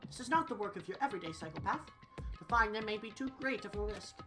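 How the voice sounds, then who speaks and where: A woman's voice: medium pitch, animated, fast, lightly acted. A woman voicing a cold, arrogant rich young man who talks down to everyone. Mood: condescending. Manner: condescending, clipped. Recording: game music behind.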